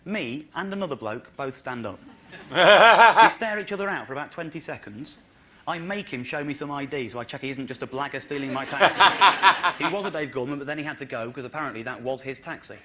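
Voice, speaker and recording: English male stand-up, fairly high, bright forceful voice, rambling and exasperated storytelling. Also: brisk. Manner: animated, rambling, comic exasperation. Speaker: comedian. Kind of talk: stand-up storytelling to a studio audience.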